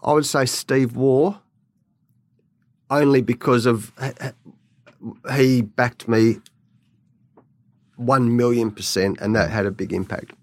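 A middle-aged man with an Australian accent, a guest in a studio chat, telling lively stories and laughing often. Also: medium pitch, slow, long pauses, no echo. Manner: animated storyteller, laughs often. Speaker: guest, former cricket coach. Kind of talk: podcast interview chat.

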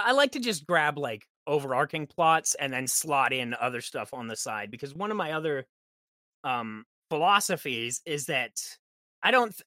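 A man on a podcast chatting as a guest game master, telling lively stories and acting out what his players and characters said. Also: on the high side, dry recording. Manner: lively storyteller who acts out quoted characters. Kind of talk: casual podcast chat.

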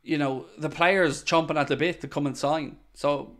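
A man's voice: fairly high pitch, fairly even intonation, normal speed, a bit bright. A man hosting a casual live-stream podcast, answering viewer comments bluntly and swearing when worked up.

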